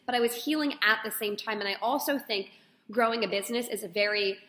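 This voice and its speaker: Young woman, bright tense voice, rambling candid storytelling, echoey room with long reverb. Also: medium pitch, fast. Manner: rambling, filler-heavy, expressive.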